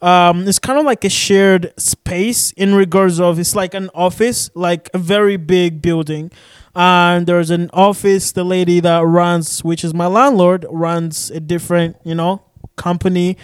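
A man's voice: high voice, steady tone, unhurried, clean tone, dry recording. A young man from Arizona hosting a casual solo podcast, rambling with lots of fillers and cursing, recorded in a shared studio office. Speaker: podcast host.

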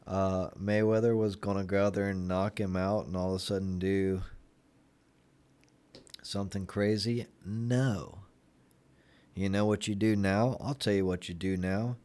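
A man's voice: on the low side, a little mellow. A young man from Florida in a casual vlog chat, rambling and sarcastic, full of fillers. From Florida, United States. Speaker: vlogger.

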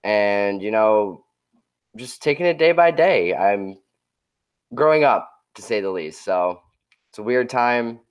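A man's voice: lowish voice, lively intonation, takes it slowly, smooth. A man co-hosting a podcast, talking about his week in a laid-back, easygoing way. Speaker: podcast co-host. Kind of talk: casual chat.

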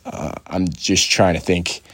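Young male podcast host, lowish voice, dry close sound, swears a lot, rambles with constant fillers. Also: fairly even intonation, a little slow, a bit bright, breathy edge, no echo. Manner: loose and swearing, full of fillers and restarts. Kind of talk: casual rambling chat.

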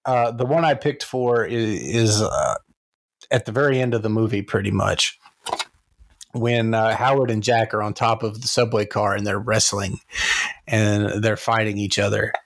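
A man's voice: lowish voice, normal speed, gravelly. A man co-hosting a movie review podcast, chatting casually and laughing as he retells scenes. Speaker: podcast co-host.

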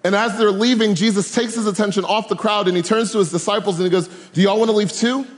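A man speaking at a camp to a live audience, preaching a youth sermon with animated, humorous, slangy storytelling. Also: sits high, quick pace. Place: large room with live audience. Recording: long hall reverb.

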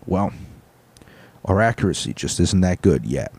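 A man putting on an impression of a calm, smooth former president, with a slow, halting delivery like an airline pilot. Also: deep voice, no echo, full character voice. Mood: deadpan.

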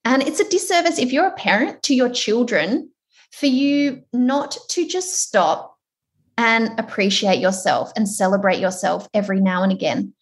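A woman with an Australian accent presenting an online workshop over a video call, chatty, encouraging and animated. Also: fairly high pitch, moderate pace.

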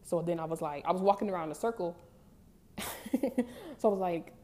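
A woman's voice: lowish voice, a little fast, warm tone. A young woman, telling a personal story to her viewers in a candid, emphatic, conversational way. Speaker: vlogger. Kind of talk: casual storytelling to camera.

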